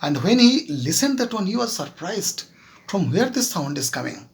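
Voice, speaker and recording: A man with an Indian English accent tells a moral story to his students. His voice is slightly high and gravelly, and he talks in a slow, halting way with many fillers, often stopping to check that the class is following. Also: big pitch swings. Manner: keeps checking with "Clear?". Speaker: teacher.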